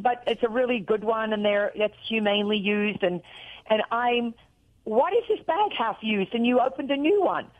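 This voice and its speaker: Chatty Australian woman on a dull line. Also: mid-range voice. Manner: chatty, rambling, animated storytelling. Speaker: caller. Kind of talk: casual phone chat.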